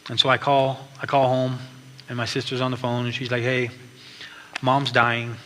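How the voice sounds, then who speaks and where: A man shares an earnest personal testimony in a large church hall, his medium-pitched voice level, brisk, bright, and forceful as he frequently restarts his account. Long hall reverb and faint background noise fill the recording.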